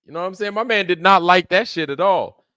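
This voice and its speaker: Bright, loose-talking livestream host man. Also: high voice, quick pace, clear, resonant tone, no room sound, studio quality. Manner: profane, rambling, laughs often. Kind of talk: casual chat.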